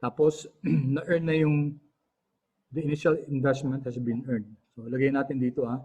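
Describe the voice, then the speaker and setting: A Filipino-accented man teaches an online class in a halting way, full of fillers and the odd cleared throat. His voice is mellow and a little husky. The audio is dull and lo-fi. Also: mid-range voice, little pitch movement.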